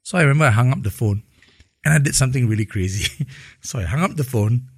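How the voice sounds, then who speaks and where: Middle-aged guy telling his testimony, husky voice, halting and emotional, dry close sound. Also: mid-range voice, expressive, dry recording. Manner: emotional storytelling, slow and halting in places. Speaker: guest. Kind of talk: personal testimony in an interview.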